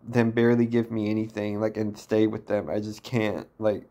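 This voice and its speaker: A man in his twenties venting in a downcast, distressed personal vlog, talking haltingly with many restarts. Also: on the low side, level tone, warm tone. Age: 20s. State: emotionally distressed. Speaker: vlogger.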